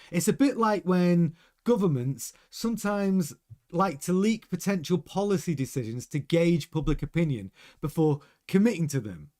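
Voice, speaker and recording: A man hosting a casual F1 news show, chatty and reading quotes aloud, a little hoarse as he is losing his voice. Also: on the high side, darkish tone. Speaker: F1 news host.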